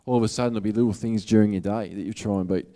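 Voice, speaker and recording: A man with an Australian accent speaks as a motivational speaker in a casual, earnest way. His voice sits fairly low and sounds smooth and resonant. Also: steady tone, very fast, mellow. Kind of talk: public talk to an audience.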